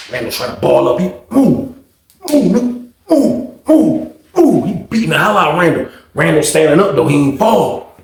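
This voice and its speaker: Animated man telling a story in an echoey room. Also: a little high, vocal fry. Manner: animated, acts out quotes and punch sounds. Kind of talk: casual prison storytelling.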